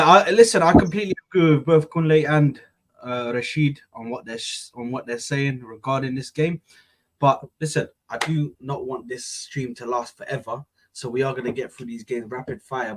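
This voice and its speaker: Excitable man hosting a football stream. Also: on the high side, rough recording. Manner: excitable, banters with fillers like "bro" and "listen". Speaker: host. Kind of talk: casual football chat stream.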